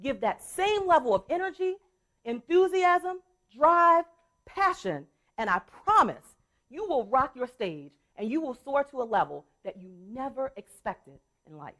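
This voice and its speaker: A woman's voice: sits high, very animated, measured pace, a bit bright. A woman motivational speaker and coach on a conference stage, telling a story in an emphatic, repetitive way and calling the audience y'all.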